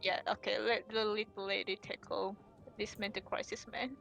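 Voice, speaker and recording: A woman's voice: mid-range voice, flat delivery, normal speed, creaky, a bit bright, lo-fi sound, faint music behind. A woman playing a tabletop game, playful and giggly. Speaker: player. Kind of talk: casual tabletop play.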